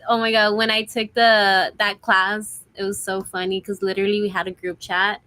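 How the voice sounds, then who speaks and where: A woman's voice: medium pitch, flat delivery, normal speed, sharp tone, dry recording. A young woman co-hosting a student radio chat, giggling and leaning on fillers like "like". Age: young adult. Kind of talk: casual chat.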